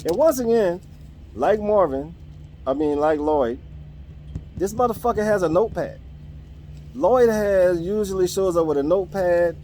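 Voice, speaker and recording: A man's voice: very high-pitched, a little mellow, slight background noise. A man, the host of a podcast, ranting in a casual, profane way about his coworkers. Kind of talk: casual rant.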